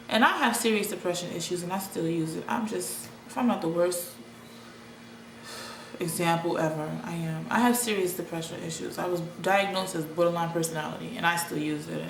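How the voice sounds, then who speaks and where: A woman's voice: on the low side, creaky, fairly bright tone. A young adult woman talking in a casual, rambling vlog monologue, with many restarts. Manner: rambling, chatty, with frequent restarts and laughs. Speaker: vlogger. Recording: echoey room with faint ambient noise.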